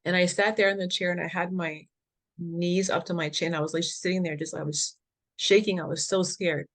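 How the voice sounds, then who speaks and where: A woman's voice: on the low side, steady tone, moderate pace. Emphatic woman telling her story. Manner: earnest, emphatic, laughs between points. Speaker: health foundation founder as guest. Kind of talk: personal storytelling in an interview.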